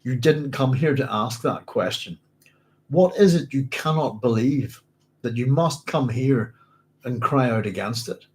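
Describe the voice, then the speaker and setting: A man's voice: mid-range voice, measured pace, natural voice. A man voicing an angry young oracle priestess, snapping and scornful, as he reads from a novel aloud.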